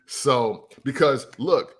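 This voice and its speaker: A man's voice: mid-range voice, slow pace, fairly bright tone, breathy edge. A man co-hosting a casual podcast, laid-back and laughing often. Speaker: podcast co-host.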